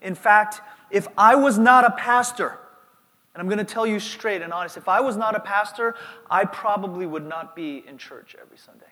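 Middle-aged pastor from New York, earnest and high-pitched, with long hall reverb. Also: male voice, moderate pace, pushed and bright. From New York, United States. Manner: earnest, repeats words while building up. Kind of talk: sermon.

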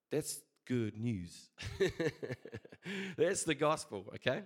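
A man's voice: medium pitch, big pitch swings, drawn-out words, pauses often, breathy edge. A man preaching a casual sermon, chatty and conversational, telling a story with many fillers.

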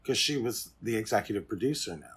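A man's voice: on the low side, animated, fast, fairly bright tone, slightly rough. A man co-hosting a podcast in casual chat, adding dry, wry remarks. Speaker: podcast co-host.

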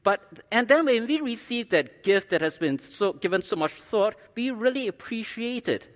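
A man's voice: high voice, lively intonation, moderate pace, long reverb tail. A man preaching a sermon as pastor, emphatic, repeating key lines for stress.

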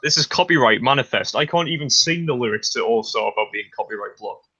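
A man's voice: medium pitch, lively intonation, fast, pushed and bright, husky, muffled recording. A man co-hosting a casual podcast, teasing and egging on the host. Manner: pushy, teasing banter.

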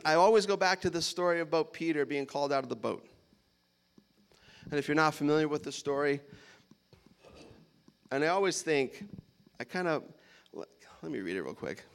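High-voiced man giving a casual sermon. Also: smooth. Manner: conversational, playful asides, laughs while preaching. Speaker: preacher. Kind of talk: casual sermon with scripture reading.

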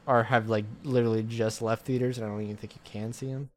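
A young man hosting a casual chat among friends, rambling with halting restarts. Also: mid-range voice, fairly even intonation.

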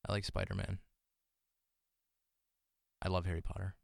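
Young man, lowish voice, dry close sound, relaxed casual chat. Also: moderate pace, creaky, dry recording. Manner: laid-back, laughs easily, tries silly voices. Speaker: guest.

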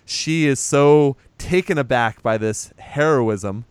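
Male podcast co-host, relaxed and profane, smooth clean voice, dry recording. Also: mid-range voice, slow, dry recording. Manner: loose and profane, laughs while retelling scenes. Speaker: podcast co-host recapping a film. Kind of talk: casual chat.

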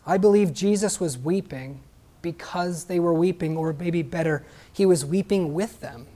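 A man's voice: on the high side, normal speed, mellow. A man preaching a sermon emphatically, asking the congregation questions and adding joking asides.

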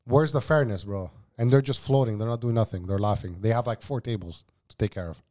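A man's voice: medium pitch, a little fast, warm tone. A man, a former cook telling kitchen stories in a casual, profane chat. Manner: profane, storytelling, says bro a lot. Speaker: podcast guest, former cook.

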